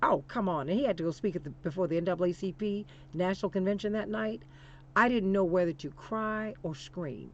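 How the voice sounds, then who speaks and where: A woman hosting political talk radio, building her points through emphatic, preacher-like repetition. Her voice sits at a middling pitch, and the recording sounds dull and lo-fi. She speaks with fervent conviction and calls her listeners "honey.". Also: fairly quick, slight background noise. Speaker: radio talk show host.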